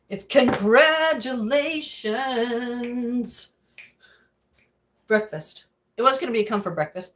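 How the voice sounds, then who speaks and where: A woman's voice: on the high side, fairly bright tone. A middle-aged woman livestreaming from her home kitchen, chatting loosely as she cooks. She greets viewers by name and drifts into rambling asides, her talk casual and unscripted. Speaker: cooking livestreamer. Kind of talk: casual livestream chat while cooking.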